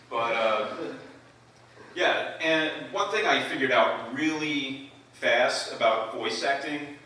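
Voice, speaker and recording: A man's voice: mid-range voice, takes it slowly, sharp tone. A young man talking casually and hesitantly to an open mic audience. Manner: hesitant, filler-heavy. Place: open mic event, indoor hall. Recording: echoey hall, mic far off.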